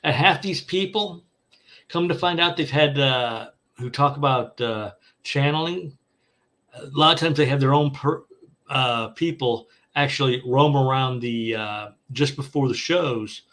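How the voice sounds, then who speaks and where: Guy cohosting a podcast, doubtful, stops and restarts a lot, mid-pitch voice. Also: a bit bright. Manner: skeptical, halting with fillers and restarts. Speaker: podcast co-host. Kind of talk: casual chat.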